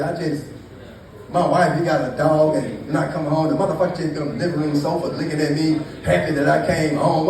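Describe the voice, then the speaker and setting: A man doing stand-up storytelling to a live crowd, loose and profane, teasing the audience. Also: on the high side. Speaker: stand-up comedian. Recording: echoey, distant mic with noise.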